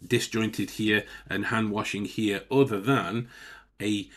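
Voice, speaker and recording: A man's voice: lowish voice, fairly even intonation, takes it slowly, a bit bright. Chatty man breaking down body language. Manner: chatty, swears, laughs often. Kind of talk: casual chat.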